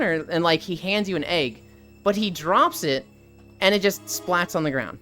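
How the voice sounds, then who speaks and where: Animated young woman streamer. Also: lowish voice, moderate pace, faint music behind. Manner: chatty, animated, acts out game characters' lines. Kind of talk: casual live-stream chat.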